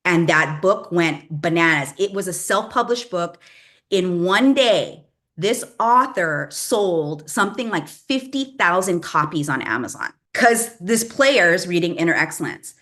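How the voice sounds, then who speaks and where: Middle-aged woman from the bay area, lowish voice, chatty and punchy, says like a lot. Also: expressive, unhurried, fairly bright tone. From Bay Area, California. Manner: chatty, emphatic, lots of "like". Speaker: brand and publishing coach. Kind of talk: casual talk to an audience.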